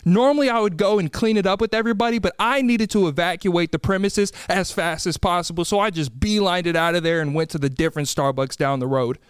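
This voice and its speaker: A man hosting a podcast, telling comedic stories in an animated, exasperated way and acting out the people in them. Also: high-pitched, quick pace, hardly any pauses, clean tone, dry recording, clean studio sound. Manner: animated, exasperated storytelling with quoted voices. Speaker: podcast host. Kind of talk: comedic storytelling monologue.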